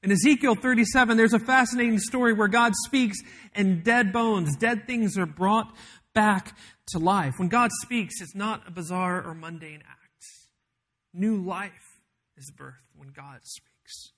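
A man preaching a sermon as pastor, telling a story with emphatic build-ups and dramatic pauses. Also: high voice, fairly bright tone.

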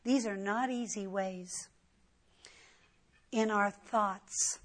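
A middle-aged woman teaching from the Bible in a sermon. She speaks in a slightly high voice and takes her time over each phrase. Her delivery is earnest and emphatic, climbing sharply whenever she drives a point home. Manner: earnest and emphatic, often rising sharply for stress.

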